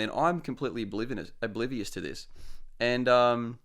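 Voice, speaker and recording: Young Aussie male co-host, animated storyteller, laughs a lot. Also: mid-range voice, a little fast. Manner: animated, laughs often while telling stories. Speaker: podcast co-host telling stories. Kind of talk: casual storytelling chat.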